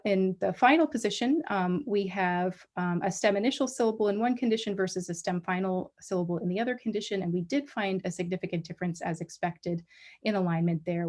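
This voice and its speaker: A woman's voice: on the low side, a little mellow. Woman giving an academic lecture. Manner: explanatory, frequent ums and restarts. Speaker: guest lecturer. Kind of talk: academic colloquium talk. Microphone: livestream talk mic.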